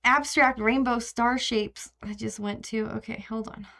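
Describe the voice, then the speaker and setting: A woman's voice: fairly high pitch, steady tone, unhurried, sharp tone. A young woman hosting a live stream, chatting casually and emotionally with many fillers and restarts.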